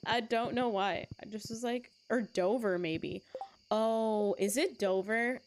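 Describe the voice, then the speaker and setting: A woman's voice: on the high side, slow pace, a little hiss or hum. A young woman streaming a game live, chatting to her viewers in a giggly, rambling way with lots of fillers. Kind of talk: casual live-stream chat while playing. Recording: game music playing behind. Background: game music.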